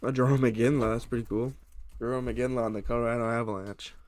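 A man's voice: medium pitch, fast. Chatty young man opening card packs. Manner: excited, chatty, talks to viewers. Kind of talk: casual pack-opening commentary.

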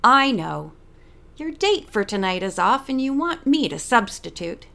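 A woman's voice: on the high side, very animated, measured pace, gravelly, full character voice. A woman reading the part of a genial middle-aged male lawyer who teases his daughter, in an audiobook. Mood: teasing. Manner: teasing, gently joking.

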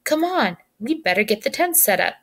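A woman's voice: fairly high pitch, sing-song, normal speed, a bit bright, heavily acted. A woman doing an exasperated young storybook boy. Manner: sighing, muttering asides.

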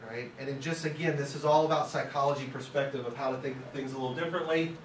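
A man's voice: medium pitch, steady tone, fast, a little hiss or hum. Man lecturing in an echoey classroom. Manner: conversational, anecdotal. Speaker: guest speaker. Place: film school classroom. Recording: echoey room, distant mic.

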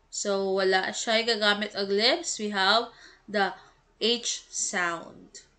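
A woman teacher, going through test answers slowly and explaining each one, mixing English with Cebuano. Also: medium pitch, bright, forceful tone.

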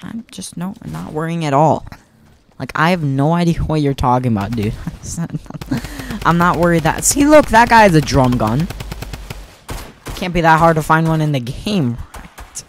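A young man giving casual, excitable commentary on his own gameplay, self-mocking and prone to repeating himself. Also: on the high side, unhurried, slight background noise. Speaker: gaming YouTuber.

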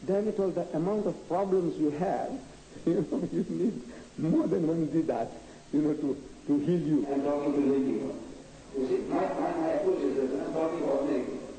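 On an old archive recording from an echoey hall with faint noise, a man with a slightly high, mellow voice answers lecture audience questions at normal speed. He's emphatic and combative, peppering his replies with rhetorical questions.

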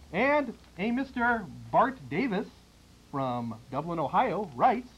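A man's voice: sits high, very animated, slow, a bit bright. A man hosting a public access cable show, jokey and laughing, with stumbling restarts. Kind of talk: casual chat and mock announcing. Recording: lo-fi 1990s cable tape with faint hiss.

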